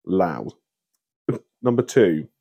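A man's voice: low voice, sing-song, extremely slow, gravelly, slightly rough, muffled recording. A man co-hosting a podcast, chatting casually with a wry, mock-indignant manner. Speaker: podcast co-host. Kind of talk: casual chat.

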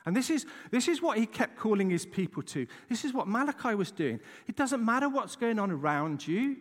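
A man gives a relaxed, conversational sermon, checking in with his listeners as he tells a story. His voice sits a bit high and swings widely in pitch. It rings with the long reverb of a large church hall. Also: brisk. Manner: conversational, chatty, lots of "right?" asides. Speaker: preacher.

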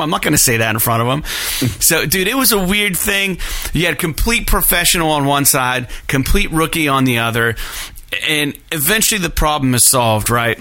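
Animated, swearing man telling a story. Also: mid-range voice. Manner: profane, animated, acts out quoted people. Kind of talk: casual storytelling chat.

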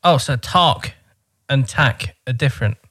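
Husky bemused man co-hosting. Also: medium pitch, measured pace, bright, forceful tone, no echo, clean studio sound. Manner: curious and bemused. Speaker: podcast co-host. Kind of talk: playful comedic chat.

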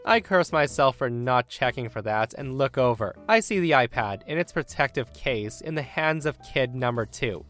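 A man narrating a Reddit story in a brisk, steady storytelling manner. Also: medium pitch. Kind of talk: reading a Reddit story aloud.

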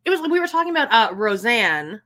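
Lively, bright-voiced woman podcast co-host. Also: a little high, fairly quick. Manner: animated, laughing, trailing off mid-sentence. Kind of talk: casual chat.

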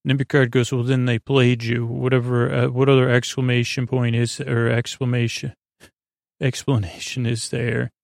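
A man hosting a podcast, casually retelling a story in a loose, halting way with lots of fillers. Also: mid-range voice, level tone, vocal fry, dry recording, studio quality. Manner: loose, halting, many fillers, quotes characters in plain voice. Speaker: podcast host recapping an episode. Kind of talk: casual spoken recap.

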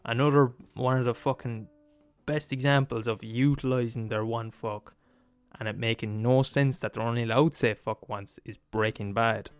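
This podcast host's comedic rant is crude and forceful, packed with swearing and repetition, and he laughs at his own lines. His medium-pitched voice is smooth and steady at a normal pace, recorded without room sound over soft background music.

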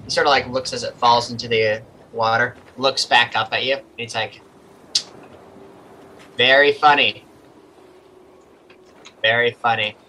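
Bright-toned man running a tabletop game. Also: mid-range voice, flat delivery, brisk, hardly any pauses, a little hiss or hum, rough recording. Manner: casual, loose narration with "sort of, like" fillers. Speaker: game master.

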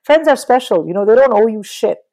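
Animated middle-aged woman guest. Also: a little high, brisk, low-quality recording. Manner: animated, swears, mimics people in quotes. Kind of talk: casual interview talk about books.

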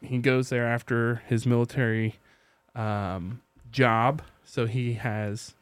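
A man's voice: mid-range voice, slow, clean tone, dry recording. Guy telling a funny story on a podcast, mid voice, keeps laughing and doing the voices, dry sound. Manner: animated, laughing, acts out dialogue. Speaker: podcast co-host. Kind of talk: casual storytelling.

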